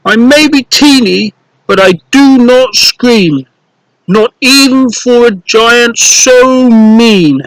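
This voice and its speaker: Tottie, a man doing a squeaky tiny girl. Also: takes it slowly, a bit bright, no room sound, full character voice, low-quality recording. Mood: defiant. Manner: high squeaky sing-song rhymes. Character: tiny plucky little girl.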